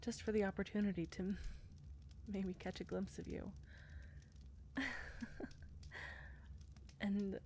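A woman voicing a shy, war-weary female knight commander in an audio role-play, speaking hesitantly with soft fillers. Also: medium pitch, level tone, normal speed, slight background noise, lightly acted. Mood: shy, tender.

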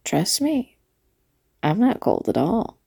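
A woman playing a flirty late-night diner waitress in an audio role-play, talking to the listener in a teasing way with breathy asides. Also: medium pitch, big pitch swings, slow, mellow, exaggerated voice. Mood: coaxing.

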